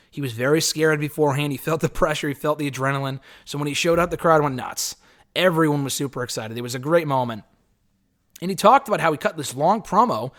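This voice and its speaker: A man's voice: a little high, a bit bright. A man giving a casual, rambling spoken review of a wrestling show, swearing freely and correcting himself as he goes.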